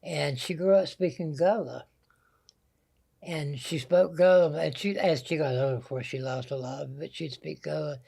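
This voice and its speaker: Older Southern storyteller, higher voice. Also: male voice, normal speed, gravelly, dark tone, husky. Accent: Southern American. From American South. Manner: folksy, anecdotal storyteller. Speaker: guest. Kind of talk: storytelling interview.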